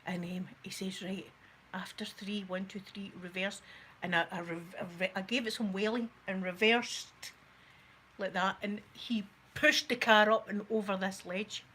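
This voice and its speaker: A Scottish woman hosting a soft-spoken ASMR makeup video, chatting to viewers and rambling through stories, sometimes dropping to a near-whisper. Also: mid-range voice, steady tone, normal speed, slight background noise, poor audio. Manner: chatty, rambling storyteller who talks to viewers. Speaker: ASMR channel host.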